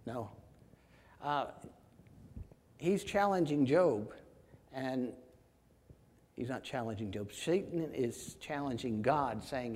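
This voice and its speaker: A man's voice: mid-range voice, lively intonation, takes it slowly, long pauses, a little mellow. A man leading a group Bible discussion, emphatic and calling on class members by name. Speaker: Bible study teacher. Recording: long reverb in a large room.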